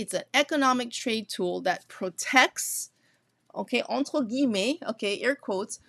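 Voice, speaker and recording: Give me a woman teaching in a chatty, emphatic way, with some vocal fry and a dry sound. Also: mid-range voice, a bit bright, no echo. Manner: emphatic, repeats key words for stress; chatty, with light laughs and asides. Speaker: business educator hosting a weekly show. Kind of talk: explanatory educational talk.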